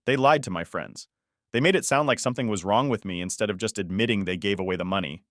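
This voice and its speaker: A man reading a first-person story as a scripted narration, in an even, measured manner. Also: lowish voice, dry recording, clean studio sound.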